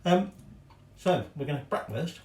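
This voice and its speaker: A man's voice: fairly high pitch, expressive, moderate pace, a little mellow, reverberant. A middle-aged man from England hosting a home cooking demonstration, chatting casually with rambling, self-deprecating asides. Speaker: home cooking show host. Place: home kitchen.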